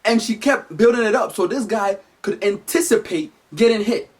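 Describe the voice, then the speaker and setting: Animated man doing a comedy monologue. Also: high voice, moderate pace, few pauses, slightly rough. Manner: animated, emphatic storytelling. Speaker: comedy vlogger.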